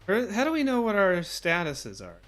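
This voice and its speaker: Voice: medium pitch, huge pitch swings, normal speed, fairly bright tone, faint music behind. A co-host casually chatting over a horror game, laughing a lot and swearing. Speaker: let's play co-host.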